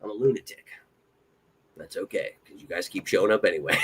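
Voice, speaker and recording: A young man from central Pennsylvania hosting a casual live stream, talking in an excitable, rambling way and swearing freely. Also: on the high side, a little fast. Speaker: podcast host.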